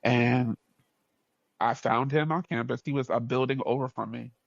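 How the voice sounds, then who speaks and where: A man from New York with a New York accent, a podcast guest telling a story in casual conversation, animated, acting out dialogue with jumps in pitch and frequent laughter. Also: vocal fry, no room sound. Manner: animated, acts out dialogue with quick shifts up in pitch, laughs often. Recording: dull, dry podcast audio.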